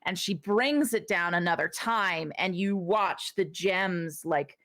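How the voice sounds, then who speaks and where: A woman narrating a tabletop game as game master, describing scenes slowly with many fillers. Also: fairly low pitch, fairly bright tone, dry recording.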